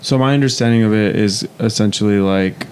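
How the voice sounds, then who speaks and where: Very deep-voiced rambling man. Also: brisk, a little mellow, a little hiss or hum. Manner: rambling, many fillers and restarts. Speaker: podcast co-host. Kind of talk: casual podcast discussion.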